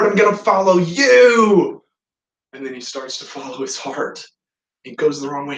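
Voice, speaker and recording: Animated male preacher in a roomy hall. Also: medium pitch, distant mic. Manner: animated storytelling, acting out scenes. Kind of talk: sermon.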